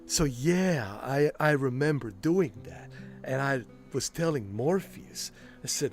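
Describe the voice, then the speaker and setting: Dude streaming games, easygoing and jokey, unhurried talk, quiet guitar music behind. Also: male voice, mid-range voice, lively intonation. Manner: loose, joking, laughs a lot. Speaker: game streamer. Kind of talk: casual gameplay commentary.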